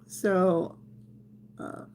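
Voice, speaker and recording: A woman's voice: drawn-out words, warm tone, a little hiss or hum. A woman in her sixties hosting a live tarot stream, chatting casually with viewers and laughing often. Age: 60s. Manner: chatty, laughs often, playful baby talk to her dog. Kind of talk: casual live-stream chat while reading viewer comments.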